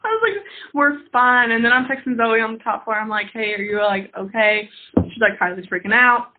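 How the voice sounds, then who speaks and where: A woman's voice: a little high, fairly quick. A young woman co-hosting a podcast, chatting casually and animatedly, laughing often and acting out what her friends said. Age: young adult. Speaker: podcast co-host. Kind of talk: casual chat. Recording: tinny phone-like sound.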